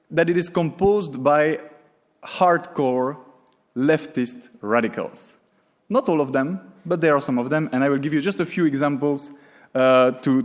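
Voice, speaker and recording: Man giving a talk in a reverberant hall. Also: mid-range voice. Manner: reads from notes with frequent fillers and self-corrections. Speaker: conference speaker. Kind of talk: prepared conference talk. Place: conference hall.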